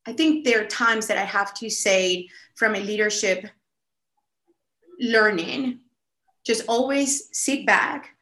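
A woman telling a story casually on a podcast, animated and full of "like" fillers. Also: medium pitch, slow. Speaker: podcast guest. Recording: echoey room.

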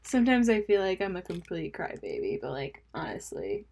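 A woman's voice: fairly low pitch, huge pitch swings, normal speed, darkish tone, slight background noise. A young woman hosting a casual solo podcast, rambling and self-mocking, laughing at her own jokes and dropping into mumbled asides. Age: young adult. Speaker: podcast host.

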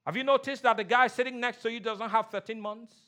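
A man preaching a sermon in a church, leading call-and-response and repeating key lines, swinging between loud shouts and low, quiet emphasis. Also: steady tone, brisk. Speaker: pastor. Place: church sanctuary.

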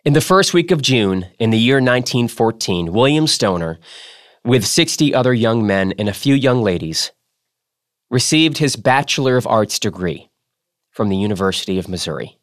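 A man with a middle-pitched voice hosting a reading podcast. He reads steadily, then chats in a loose, joking way. The sound is close and very dry, with no room behind it. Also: expressive, moderate pace, dry recording. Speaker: podcast host. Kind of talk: reading aloud and casual chat.

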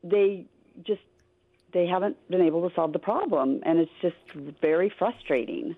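A woman calling in to a radio show, speaking in a hesitant, halting way with many fillers. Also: lowish voice. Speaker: caller. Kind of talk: call-in radio chat. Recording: tinny dry phone line.

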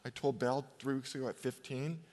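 A man in his fifties preaching a sermon as a pastor, conversational, telling personal stories and slowing down for emphatic pauses. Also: mid-range voice, steady tone, darkish tone. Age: 50s. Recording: long hall reverb.

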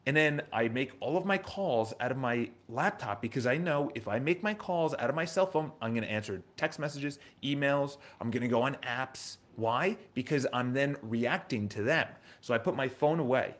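Hosting a casual motivational livestream, a New York man in his thirties talks at normal speed in a medium-pitched voice, barely pausing. He hammers his points, repeating himself and posing rhetorical questions.

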